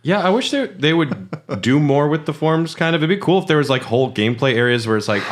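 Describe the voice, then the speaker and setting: A man's voice: on the high side, lively intonation, brisk. A man co-hosting a casual podcast, explaining game details at length with many "uh"s and "like"s. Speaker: podcast co-host. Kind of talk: casual chat about a video game.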